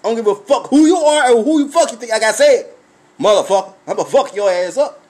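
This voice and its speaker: A man telling a story as a blunt, animated comic rant, swearing constantly and breaking into laughs. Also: very high-pitched, fast.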